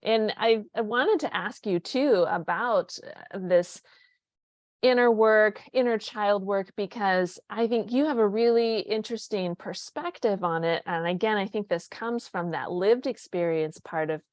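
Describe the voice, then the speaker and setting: A woman's voice: medium pitch, measured pace, no echo. A woman hosting a podcast interview, chatting casually and rambling with many restarts. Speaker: podcast host, dietitian.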